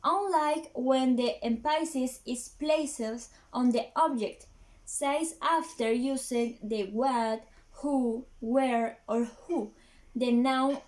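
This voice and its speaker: A woman whose first language is Spanish presents an English grammar lesson, halting and full of fillers and restarts. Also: fairly high pitch, a little mellow. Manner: slow, halting, many fillers and restarts, non-native phrasing.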